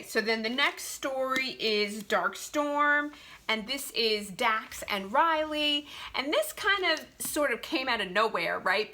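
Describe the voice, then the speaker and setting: Young woman rambling thru a book review, bright voice, chatty and animated. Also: medium pitch. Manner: chatty, animated, frequent fillers and self-corrections.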